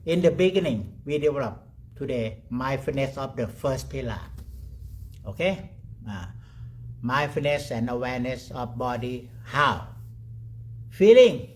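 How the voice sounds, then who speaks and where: A man leading a guided meditation talk in simple broken English, pausing often and asking "okay?". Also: medium pitch, a little hiss or hum. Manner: repeats short words softly, trailing off quieter. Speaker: meditation teacher.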